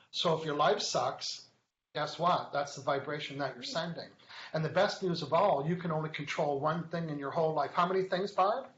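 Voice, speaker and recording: A playful man hosts a weekly live online show, joking and reading viewer comments between teaching points in casual chat. His voice sits a bit high for a man, with a fairly bright tone. The sound is echoey and a little dull, like a lo-fi webcast.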